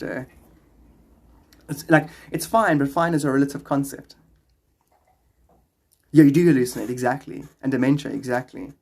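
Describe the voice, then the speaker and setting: South African male streamer, husky and rough-edged, casual and rambling, reads chat aloud. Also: medium pitch, a little mellow. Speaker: livestreamer.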